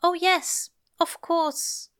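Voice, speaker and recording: A woman voicing an anxious, gentle male angel who pleads in a high, trembling voice. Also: steady tone, very slow, heavily acted. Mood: forced brightness.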